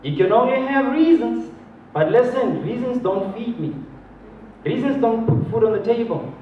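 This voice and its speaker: High-voiced man in an echoing hall. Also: moderate pace, slight background noise. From South Africa. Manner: animated, acts out voices of others, chuckles often. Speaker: motivational speaker. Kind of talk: motivational talk to a live audience. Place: large hall with an audience. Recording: distant, roomy, dull hall recording.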